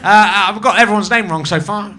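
A man's voice: sits high, fairly quick, pushed and bright. A man hosting a live show, introducing guests in a self-mocking, flustered way. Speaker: show host. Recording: live venue with crowd and noise.

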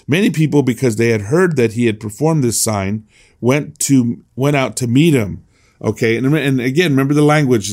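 Chatty man teaching a Bible class. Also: mid-range voice. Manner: conversational, restarts often, reads scripture aloud.

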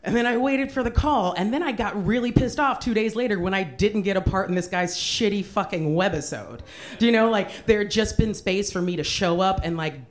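A woman with a slightly low voice telling a personal story on a comedy podcast. She talks candidly and with lots of life, swearing freely. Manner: candid, profane, animated. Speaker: comedian guest.

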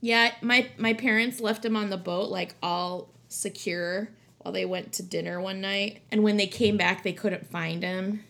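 A woman co-hosting a podcast in casual chat, expressive and laughing often. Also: mid-range voice, a little slow, hardly any pauses. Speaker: podcast co-host.

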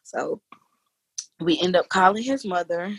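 Husky-voiced woman telling a lively story. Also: lowish voice, unhurried, no echo. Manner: animated, laughs often, informal slang. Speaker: teacher. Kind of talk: casual storytelling interview.

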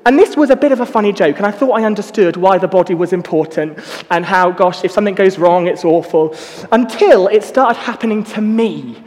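A young preacher with a high-pitched, slightly fast voice and darkish tone delivers a casual, self-mocking sermon packed with personal stories. His chatty storytelling carries a long reverb tail.

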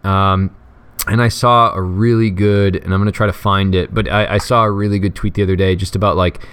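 Low smooth-voiced man chatting. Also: flat delivery, fairly quick, fairly bright tone. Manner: chatty, joking, many fillers and restarts. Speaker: podcast co-host. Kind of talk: casual chat about fantasy football.

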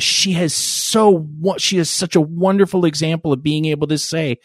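A man's voice: on the high side, steady tone, normal speed, few pauses, slightly rough, dry recording. Man, podcast host, casual chat, crude, rambling, jokey, dry close sound.

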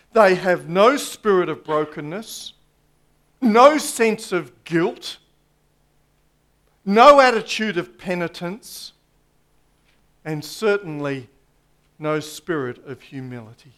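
A man preaching a sermon in a slow, emphatic way, pausing for effect and dropping his voice low on key points. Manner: slow, emphatic preaching with dramatic pauses and drops to a hush.

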